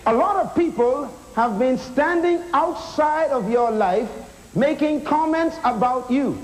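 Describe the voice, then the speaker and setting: A man's voice: extremely high pitch, expressive, unhurried, rough recording. A man preaching a sermon in an auditorium, emphatic, asking rhetorical questions and calling the crowd to respond.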